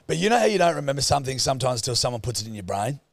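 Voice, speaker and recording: Young Australian male co-host, gravelly, dry close mic, cheeky storyteller. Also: mid-range voice, big pitch swings, very fast, no room sound. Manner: laughing storyteller, swears freely. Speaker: podcast co-host. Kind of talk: casual chat.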